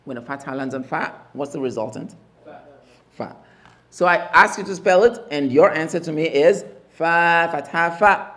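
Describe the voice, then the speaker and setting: A man teaching Arabic letters in a mosque class, slowly drilling each sound and repeating the spelling emphatically. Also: fairly high pitch, fairly bright tone. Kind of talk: classroom lesson.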